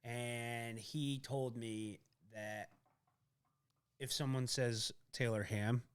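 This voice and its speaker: A man, a podcast guest chatting casually, excitable and swearing freely. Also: medium pitch, very slow, smooth. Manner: excitable, says "dude" a lot, swears casually. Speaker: podcast guest, hot sauce maker. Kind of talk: casual chat.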